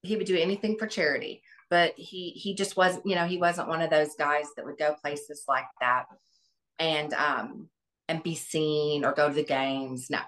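A woman's voice: low voice, steady tone, moderate pace, fairly bright tone. A middle-aged woman, a guest on an interview, recalling family memories in an earnest, reflective way with many restarts. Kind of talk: interview, personal recollection.

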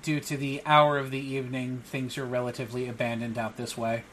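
A man narrating as game master of a tabletop role-play, pausing often with ums and uhs. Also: mid-range voice, little pitch movement, fairly bright tone, a little hiss or hum. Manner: halting, many ums and uhs.

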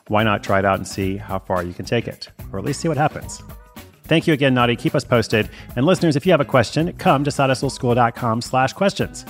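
A man hosting a podcast, answering listener questions in a thoughtful, hedging way and often restarting his words. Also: mid-range voice. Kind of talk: casual solo podcast advice.

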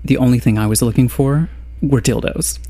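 A man's voice: medium pitch, moderate pace, mellow, dry recording. A man co-hosting a podcast, playful and candid, often giggling. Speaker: podcast co-host. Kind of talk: casual podcast chat.

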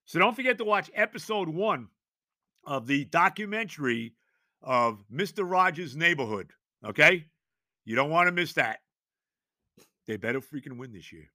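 An older man rants on his sports podcast, his high voice swooping wildly as he shouts and repeats himself in exasperation. The tone is sharp and forceful, and the recording is close and dry. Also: lively intonation, moderate pace, long pauses, no echo. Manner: loud, exasperated ranting with shouted repetitions. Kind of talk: sports talk rant.

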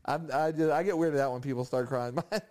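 A man's voice: on the high side, a little fast, a little mellow. A middle-aged man co-hosting a casual podcast, telling stories and laughing often as he talks. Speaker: podcast co-host. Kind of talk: casual chat.

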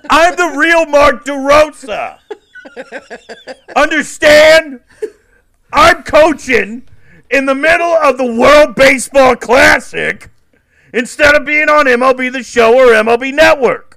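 A man's voice: extremely high pitch, takes it slowly, vocal fry, bright, forceful tone, no echo, pitched above the performer's own voice, heavily acted. A man putting on a brash, self-important male baseball manager who boasts and bosses people around. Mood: shouting boast. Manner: boastful, bossy coaching talk. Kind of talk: celebrity impression on a podcast.

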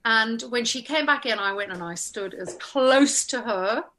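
A woman with a bright, fairly high voice tells a story from her acting work. She is animated and self-deprecating, with a relaxed, conversational delivery. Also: unhurried, a little hiss or hum. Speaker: actor, podcast guest. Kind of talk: casual anecdote in conversation.

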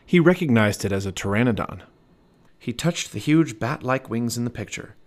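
Guy in his 30s reading a kids book out loud, lively voice, medium pitch. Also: moderate pace. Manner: animated, expressive read-aloud. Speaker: podcast storyteller. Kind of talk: reading a children's book aloud.

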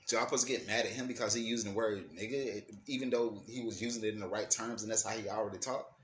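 A man's voice: on the low side, fairly even intonation, fast talker. Slangy, emphatic man ranting in an echoey room. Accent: African American Vernacular English. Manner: slangy, profane, emphatic, repeats words while thinking. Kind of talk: casual opinion rant to camera. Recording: echoey room with faint ambient noise.

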